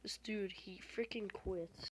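A woman giving casual gameplay commentary, often frustrated, exclaiming loudly and muttering under her breath. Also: medium pitch, steady tone, slow pace. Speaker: gamer.

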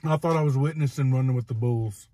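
A man's voice: medium pitch, fast, warm tone, no room sound. A man chatting casually with his partner over a meal, joking in a laid-back, dry way. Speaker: co-host, partner. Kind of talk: casual chat while eating.

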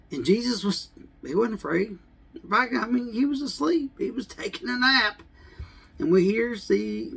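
A man's voice: fairly high pitch, gravelly, husky. A male pastor preaching a casual, conversational sermon, full of "I mean" and "you know.".

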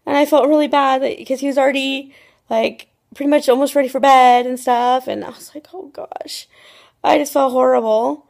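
Young woman vlogger, pitched a bit high, chatty and rambling with lots of fillers, recorded on a phone. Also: fairly even intonation, brisk, creaky, darkish tone. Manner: rambling storytelling full of "like" and restarts. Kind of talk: casual chatty vlog. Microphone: phone camera.

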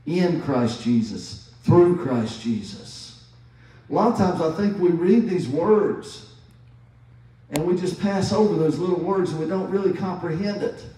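A man in his fifties preaching a sermon as pastor, slowly and emphatically, repeating key phrases. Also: high voice, dark tone. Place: church sanctuary. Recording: very echoey church from a distance.

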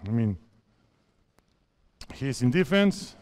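A man in his fifties from Spain, a basketball coach speaking halting English with a Spanish accent as he directs players through drills at a clinic. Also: medium pitch, sing-song, darkish tone. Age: 50s. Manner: halting non-native English, repeats phrases, directs players.

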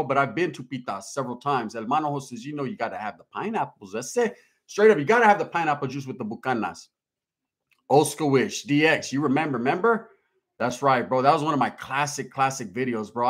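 A man's voice: medium pitch, animated, quick pace. A middle-aged man hosting a casual livestream, reading viewer comments aloud in a laid-back, slangy, streetwise way. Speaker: livestream host reading chat. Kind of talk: casual live-stream chat.

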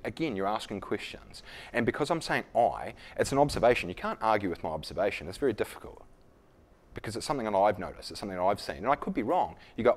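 Lower-pitched male workshop leader; conversational, self-deprecating, plays out examples. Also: animated, quick pace. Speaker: leadership speaker. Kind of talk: live workshop talk.

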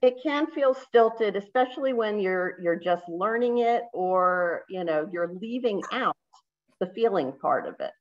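A woman's voice: mid-range voice, expressive, unhurried, muffled recording. A woman facilitating an online workshop, upbeat and chatty, asking the group questions. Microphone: video call.

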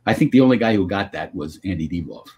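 An older man with a husky, slightly breathy voice tells stories with a pitch that swings up and down all the time. He sounds like a guest on a video call, animated and anecdotal, answering an interviewer's questions. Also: fast, highs cut off. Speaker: guest actor.

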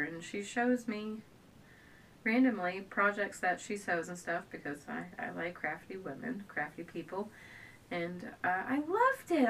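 A young pregnant woman talks casually to her camera at home, drifting from thought to thought and often short of breath. She sits a little back from the mic, with a faint low rumble behind her voice. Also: far from the mic, low-quality recording. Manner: rambling, chatty, trails off and restarts often. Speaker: stay-at-home mom vlogger. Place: at home indoors.

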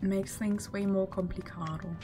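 A young woman streaming a game, commenting live, excitable and swinging between groans and shouts. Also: medium pitch, normal speed, a little hiss or hum. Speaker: VTuber streamer. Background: faint game music.

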